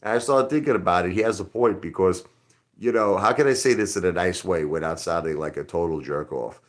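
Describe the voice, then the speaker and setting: A middle-aged man with a deep voice hosts a casual livestream. He rambles from one point to the next and answers his chat directly in a loose, conversational way. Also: brisk. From Brooklyn, New York. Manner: rambling, talks straight to chat. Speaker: livestream host.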